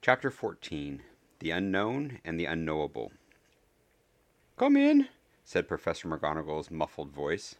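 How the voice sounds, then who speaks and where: A man with a very low voice reads fiction aloud in a steady, measured way. His asides are casual, with the odd um. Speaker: audiobook reader.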